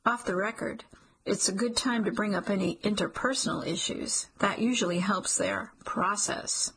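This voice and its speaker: A woman doing a calm, dry-witted male coworker. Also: medium pitch, moderate pace, creaky, slightly rough, full character voice, rough recording. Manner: dry, even-toned joking.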